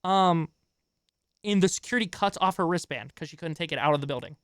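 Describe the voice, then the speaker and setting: A man's voice: fairly high pitch, fairly quick, a bit bright, clear, resonant tone, no room sound, clean studio sound. A man streaming a reaction video, ranting in an exasperated, profane way and chatting with his viewers in between. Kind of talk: live-stream reaction commentary.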